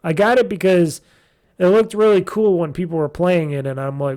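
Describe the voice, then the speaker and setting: A man's voice: high voice, fairly even intonation, moderate pace, a little mellow. A man hosting a gaming podcast, reviewing games in a loose, chatty way with lots of fillers and restarts. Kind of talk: casual rambling game review.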